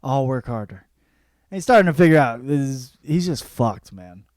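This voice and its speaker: A man's voice: on the high side, expressive, a little fast, a little mellow, dry recording, studio quality. A young man hosting a podcast, giving a casual book review, swearing freely and acting out the characters' lines. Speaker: podcast host.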